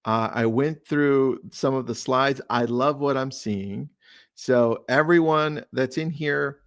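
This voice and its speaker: A man's voice: mid-range voice, a bit bright. A man hosting a webinar, an upbeat and chatty real estate agent.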